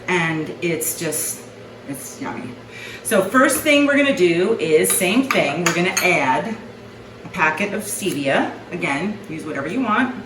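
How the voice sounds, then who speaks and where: A middle-aged home cooking vlogger with a fairly low, slightly bright voice demonstrates a recipe in her home kitchen. She's chatty, folksy, and talkative, saying "okay" often. The rough recording sounds echoey and far from the mic, with slight background noise.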